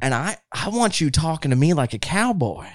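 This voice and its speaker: A man hosting a casual chat, playful and quick to laugh. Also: a little high, sing-song, no echo, studio quality. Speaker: host. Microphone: studio mic.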